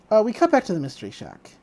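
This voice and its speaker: Woman host for a chatty episode-recap podcast; very expressive, swooping pitch. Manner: animated, laughing, acting out quoted lines.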